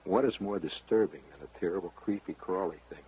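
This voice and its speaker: A man's voice: low voice, brisk, mellow, slight background noise, poor audio. A man hosting a radio show, spinning a rambling, wry monologue straight to the listener. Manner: rambling storyteller, confiding, wry. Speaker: radio host.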